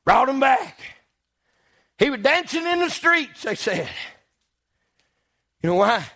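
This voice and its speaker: Taking it slowly with big pitch swings, a man preaches fervently, moving from low murmurs to shouted peaks. He repeats phrases and punctuates them with amen.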